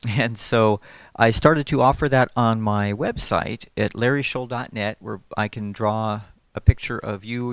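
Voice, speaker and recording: A man's voice: lowish voice, creaky, no room sound. A middle-aged man, an animator, talking casually in an interview, friendly and rambling with lots of fillers. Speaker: animator and storyboard artist. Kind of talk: casual interview, explaining his work.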